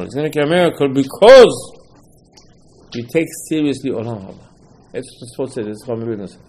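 A man's voice: fairly high pitch, a little mellow. A man teaching Torah in a sermon, emphatic, repeating phrases and speaking English in non-native phrasing. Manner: emphatic, repeats phrases, quotes texts in dialogue.

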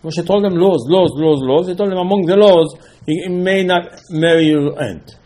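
A man teaching an animated Torah class, mixing Hebrew terms into his English and pressing rhetorical questions. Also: sits high, moderate pace. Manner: repeats rhetorical questions, emphatic.

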